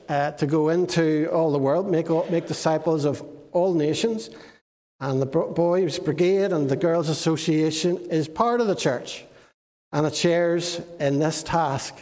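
Lively preacher, high voice. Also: male voice, unhurried, big-room sound. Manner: lively storytelling, asks the children questions. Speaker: minister. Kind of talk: children's sermon and prayer.

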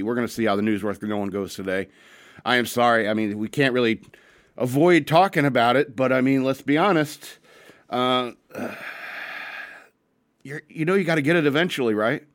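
A male radio host talking loosely into a studio mic, rambling from one gripe to the next with crude jokes thrown in. His voice sits at an ordinary pitch and sounds close and dry, with no room around it. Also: no echo. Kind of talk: casual radio talk show banter.

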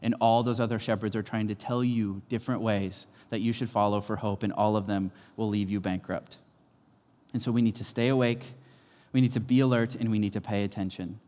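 A male pastor in his thirties preaching a sermon, with lively storytelling that swings from calm to loud. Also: on the low side, brisk. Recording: long hall reverb.

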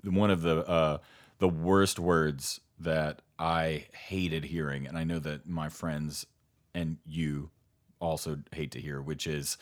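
A man's voice: extremely low pitch, flat delivery, slow. A young man co-hosting a podcast, telling stories in a rambling way, laughing often and trailing off mid-sentence. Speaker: podcast co-host. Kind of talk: casual podcast chat.

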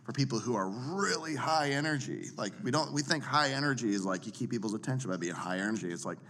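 A man coaching others on public speaking in a casual teaching chat, animated and fond of acting out examples. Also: fast talker. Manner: animated, demonstrates voices by swinging pitch widely. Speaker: preaching coach.

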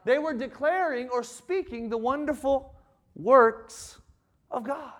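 A man in his seventies with a Southern US accent, preaching with folksy energy. His voice sits very high for a man. He keeps the sermon lively with playful impressions and easy asides to the church. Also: slow pace. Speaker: pastor.

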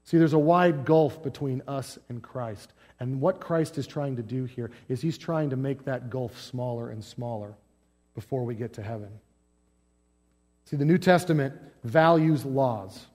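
A man's voice: mid-range voice, measured pace, darkish tone, big-room sound. A male pastor preaching a sermon, emphatic, building lists and asking rhetorical questions.

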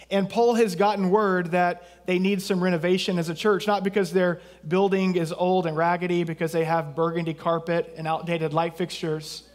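A man from southeast Texas preaching a sermon as pastor, in a conversational way with jokes and asides. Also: high voice.

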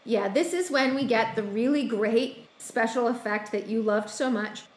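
A woman's voice: on the high side, normal speed, roomy sound. A woman co-hosting a casual chat, recapping a film in a rambling way with many ums and quoted asides. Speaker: podcast co-host recapping a film.

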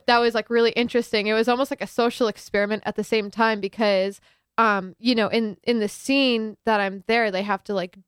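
A young woman chats about making a film, piling on fillers as she talks. Her voice is smooth and resonant. The recording is dry, with no room sound. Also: on the high side, no room sound. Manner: chatty, many filler likes, animated retelling. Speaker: student filmmaker guest. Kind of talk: casual interview chat.

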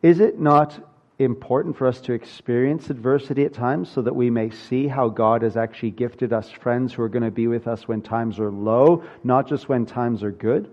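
A man's voice: mid-range voice, darkish tone, dull audio. A man preaching a sermon from the pulpit, earnest and building to emphatic peaks. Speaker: pastor.

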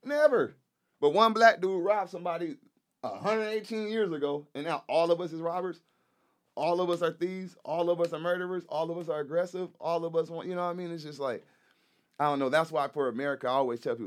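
Speaking fast in a slightly high voice, this guest on a casual podcast is a rapper and activist. His talk is loose, slangy and full of profanity; he hammers his points repeatedly and keeps asking "you know what I'm saying."

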